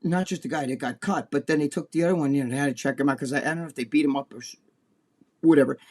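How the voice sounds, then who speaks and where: A man's voice: medium pitch, racing, a little mellow. A man co-hosting a podcast, talking bluntly and crudely, acting out other people's voices as he tells stories. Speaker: podcast co-host. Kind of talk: casual profane chat.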